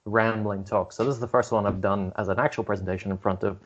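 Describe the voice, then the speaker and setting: A man's voice: on the low side, steady tone, fast talker. Chatty man with a dull lo-fi sound. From Scotland. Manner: chatty, laughs often. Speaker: guest speaker. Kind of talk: casual chat.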